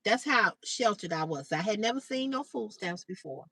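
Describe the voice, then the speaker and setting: A middle-aged woman is telling a story to her livestream viewers, with a bright, high voice. She swears freely and jumps up higher whenever she acts out the quoted lines. The sound is dry and picked up from slightly away from the mic. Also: lively intonation, moderate pace, husky, no room sound, recorded from a distance, poor audio. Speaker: livestream host. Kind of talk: casual storytelling to live chat.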